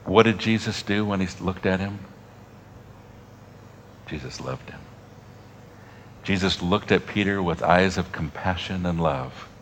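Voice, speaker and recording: A deep-voiced male pastor delivering a sermon, rising to strong emphasis and then dropping to hushed, intimate lines. His pacing is deliberate, with dramatic pauses between phrases. A faint hiss of noise sits under the recording. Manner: dynamic preaching, drops to soft near-whispers, long dramatic pauses.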